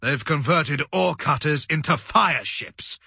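A man voicing an imperious male fleet commander who barks sharp demands in an audiobook. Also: a little high, animated, slow, gravelly, breathy edge, dry recording, exaggerated voice. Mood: commanding.

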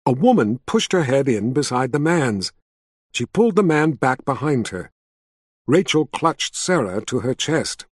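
A man narrating a story as an audiobook, with an expressive reading style. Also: mid-range voice, measured pace, husky, dry recording, clean studio sound. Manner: expressive, reads all the character voices himself.

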